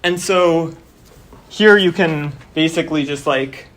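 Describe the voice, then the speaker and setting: A young man lecturing in a classroom, his voice sitting a touch higher than most men's. He explains things step by step in a loose, casual way, leaning on "um" and "like". His voice is starting to wear out. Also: slow pace, a bit bright. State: losing his voice. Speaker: course instructor. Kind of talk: university lecture.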